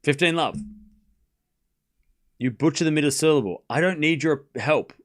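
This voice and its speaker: During a live tennis watchalong, an Australian man with a fairly high voice talks at a moderate pace. As host, he keeps it casual and playful, repeats words, and answers messages from his chat.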